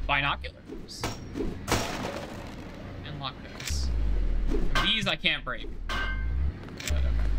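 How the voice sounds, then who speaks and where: A man's voice: fairly high pitch, noisy background. A young man streaming a game live, rambling casually to himself and swearing when things go wrong. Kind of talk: casual live gameplay commentary.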